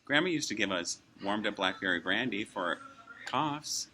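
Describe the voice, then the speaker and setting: Low, bright-toned man in his forties, rambling. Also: expressive, moderate pace. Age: 40s. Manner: rambling, chuckles often, acts out quoted exchanges. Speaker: vlogger. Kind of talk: casual musing to camera. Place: fast-food restaurant.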